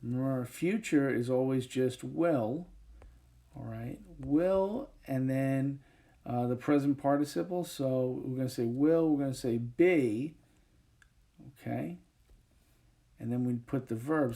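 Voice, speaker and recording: A male teacher giving a recorded grammar lesson over a whiteboard, talking in a relaxed way with many fillers and frequent checks of "okay". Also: medium pitch, a little slow. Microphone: tablet microphone, voice-over.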